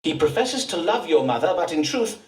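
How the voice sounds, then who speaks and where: An actor playing a self-important Elizabethan astrologer-doctor in a game, speaking in grand, archaic phrases. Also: male voice, a little high, sing-song, a little fast, a little mellow, echoey room, recorded from a distance. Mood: grandiloquent. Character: pompous Elizabethan astrologer-doctor, adult man.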